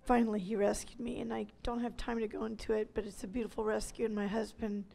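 A woman in her forties giving an emotional testimony talk as a ministry leader, swinging between loud cries and hushed near-whispers. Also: on the high side, little pitch movement, fast talker, vocal fry, a little hiss or hum.

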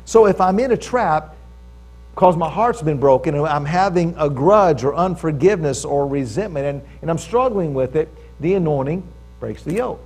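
A man's voice: a little high, expressive, normal speed, darkish tone. A man preaching a sermon in a conversational way at a church service, stressing key phrases and asking the audience for agreement.

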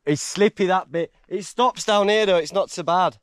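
An English man vlogging from a high mountain trail, rambling and emotional, breaking into laughter. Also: normal speed. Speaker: hiker vlogger. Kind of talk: casual vlog talk.

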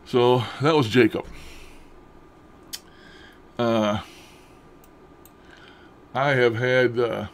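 A man's voice: mid-range voice, fairly even intonation, very slow, long pauses. A man chatting casually to camera at home about odd happenings. He speaks in a rambling, folksy way with loose grammar and frequent chuckles. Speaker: paranormal vlogger.

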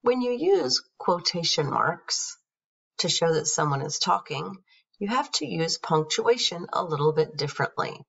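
Slow, patient woman teacher, gravelly and husky. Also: on the low side, very animated, fairly bright tone. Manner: patient, spells words letter by letter. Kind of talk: explaining a grammar worksheet. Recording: dull, distant screen-recorded audio.

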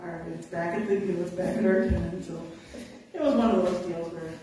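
A woman with an Upper Midwest American accent tells a story in a lively, chatty way, acting out what people said. She sits some distance from the mic, and her voice rings around a very echoey room. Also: fairly low pitch, a little fast. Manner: chatty, animated retelling with acted-out quotes. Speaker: conservation officer. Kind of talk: storytelling in an interview.

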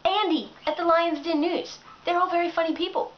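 A woman's voice: very high voice, steady tone, brisk, highs cut off, a little hiss or hum. A woman vlogger ranting sarcastically into the camera in a casual way, with plenty of filler words.

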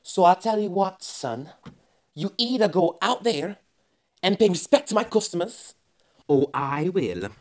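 A woman playing a smooth, threatening male restaurant boss in a comic sketch, coaxing slowly and then making threats. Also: fairly low pitch, big pitch swings, a little mellow. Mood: menacing. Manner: slow, creepy coaxing turning to threats.

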